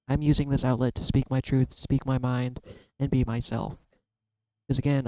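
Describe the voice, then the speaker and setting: A man's voice: medium pitch, mellow, dry recording, rough recording. A man talking heartfelt and personal to his viewers, holding back tears, searching for words and trailing off. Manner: emotional, searching, trails off and restarts. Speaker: YouTube card-reading vlogger. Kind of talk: heartfelt personal talk to camera.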